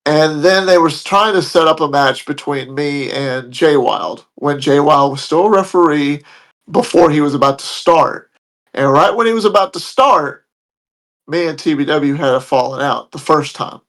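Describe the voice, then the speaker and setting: A man telling a story in casual talk, his voice sitting a little higher than usual for a man. He talks bluntly and heatedly and swears freely. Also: moderate pace, a bit bright. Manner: blunt, profane, heated retelling. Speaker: podcast guest telling a story.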